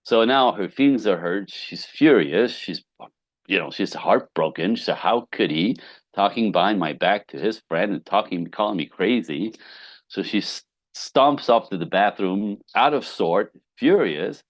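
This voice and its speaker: Animated low-voiced male relationship coach. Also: unhurried, no room sound. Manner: animated storyteller who acts out quotes, casual swearing. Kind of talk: podcast interview guest.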